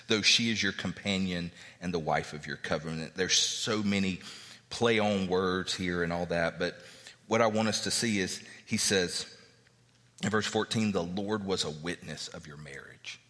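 A man's voice: sits low, normal speed, pushed and bright, in a large hall. A male pastor preaching a sermon, reading verses aloud and explaining them in a conversational way.

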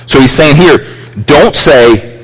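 A male preacher with a slightly high, husky voice speaks slowly, explaining scripture in a sermon full of restarts and asides. The recording is from an echoey hall with long reverb.

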